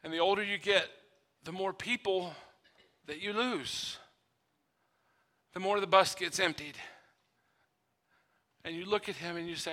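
Slow, sharp-voiced male preacher. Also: high voice. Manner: emphatic, with drawn-out repetition. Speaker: pastor. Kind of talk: sermon.

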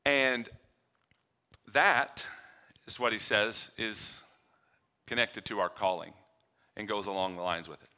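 A man preaching a sermon, shifting between quiet low passages and loud emphatic ones, acting out little dialogues with humor. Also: expressive, slow, pauses often. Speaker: pastor.

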